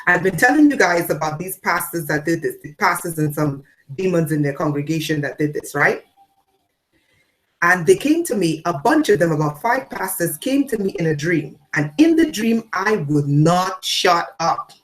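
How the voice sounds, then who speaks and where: A woman giving a spiritual talk to her audience. She repeats phrases for emphasis and swings between loud declarations and low asides. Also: big pitch swings, moderate pace. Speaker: spiritual teacher.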